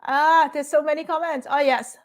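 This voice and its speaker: A young woman co-hosting a casual chat, blunt and opinionated, with quick asides. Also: high-pitched, fairly even intonation. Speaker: YouTube co-host.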